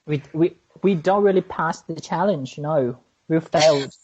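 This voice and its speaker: A man's voice: a little high, unhurried, a little mellow, breathy edge, lo-fi sound. A man with a British-leaning English accent, co-hosting a casual podcast chat, talking hesitantly with many fillers and restarts. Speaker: podcast co-host.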